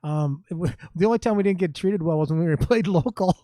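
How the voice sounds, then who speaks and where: Mellow man telling a halting story. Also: high-pitched, no echo. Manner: halting, many ums and restarts. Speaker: podcast guest, musician. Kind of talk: casual chat.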